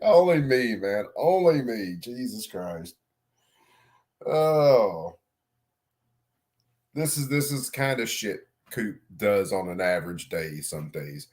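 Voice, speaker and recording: Profane, rambling man with a low voice. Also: expressive, slow pace, pauses often, a little mellow. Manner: rambling, profane, self-mocking, laughs a lot. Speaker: vlogger. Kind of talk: casual storytelling vlog.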